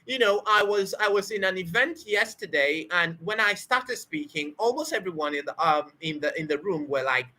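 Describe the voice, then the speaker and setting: Woman, English-speaking coach, bright breathy voice, emphatic and repetitive. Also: on the low side, animated, normal speed, hardly any pauses. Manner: emphatic, repetitive, asks rhetorical questions. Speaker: spoken English teacher. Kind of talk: motivational teaching talk.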